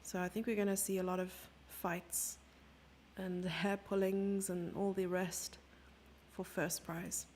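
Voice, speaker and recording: A woman's voice: lowish voice, little pitch movement, a little slow, a little mellow, slight background noise. A woman streamer giving chatty live chess commentary, thinking aloud and sometimes dropping into a whisper.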